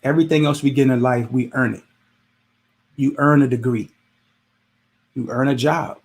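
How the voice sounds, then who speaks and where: Gravelly man giving casual advice. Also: medium pitch, fairly even intonation, moderate pace. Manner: conversational, repetitive, preachy with rhetorical questions. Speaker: podcast host. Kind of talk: casual motivational monologue.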